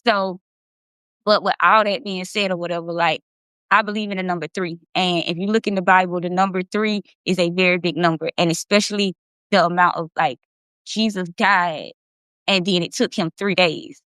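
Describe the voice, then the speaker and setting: A woman's voice: fairly low pitch, fairly even intonation, moderate pace, bright, forceful tone, clear, resonant tone, no echo. A woman of about thirty hosting a casual livestream, talking in an emphatic, impassioned way and swearing freely. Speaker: livestream host.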